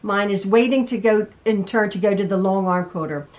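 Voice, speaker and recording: A woman's voice: medium pitch, moderate pace. A middle-aged woman, a quilting teacher, chatting casually from her home sewing room as she reads out viewer emails, rambling, restarting and laughing.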